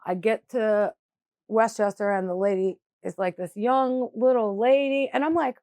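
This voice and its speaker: A woman's voice: fairly high pitch, a little slow, a little mellow, dry recording. Middle-aged woman telling her story candidly. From New York State. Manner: candid storytelling, many "like" and "you know" fillers. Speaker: mother of a crash victim. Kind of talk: documentary interview.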